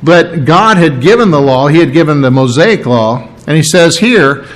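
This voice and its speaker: A man's voice: on the high side, animated, normal speed, rough recording. A man preaching an expository sermon, earnest and emphatic, often repeating key phrases and restarting his sentences. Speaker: pastor.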